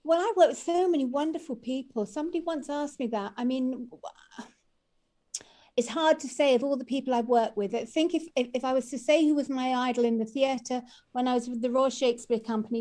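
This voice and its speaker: A woman's voice: fairly high pitch, fairly even intonation, brisk. A woman speaking as an actress guest, gushing about the people she admires. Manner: warm, gushing praise of colleagues. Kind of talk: casual chat on a video call.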